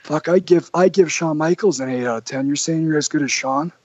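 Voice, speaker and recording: A man's voice: on the high side, brisk, a little mellow, no room sound, voice pushed up, close to an everyday voice. A man doing an impression of a blunt, skeptical middle-aged male wrestling boss. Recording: muffled lo-fi audio.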